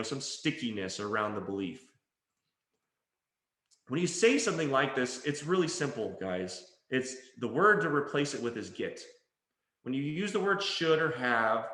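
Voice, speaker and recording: A man gives an emphatic motivational talk, calling his listeners guys and mimicking their whiny complaints. His voice has a bright, forceful edge and sits at a middle pitch. The sound carries a noticeable room echo. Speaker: speaker coaching on language. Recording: echoey room.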